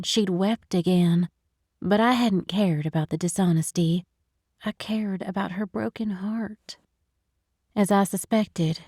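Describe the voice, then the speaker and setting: A woman's voice: mid-range voice, a little mellow, dry recording, clean studio sound. Woman narrating a romance audiobook. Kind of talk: scripted narration.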